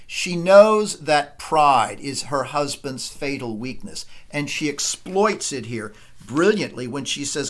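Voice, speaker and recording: A man giving a literature lecture, thoughtful and unhurried, pausing often with uh and um. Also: medium pitch, a bit bright. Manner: thoughtful, with frequent uh and um pauses. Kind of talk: recorded lecture.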